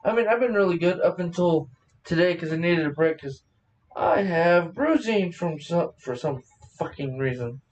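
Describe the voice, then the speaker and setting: Man, podcast host, casual chat, rambling, laughs a lot, swears, slightly high voice, distant from mic. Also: expressive, moderate pace, a little mellow, muffled recording, a little hiss or hum.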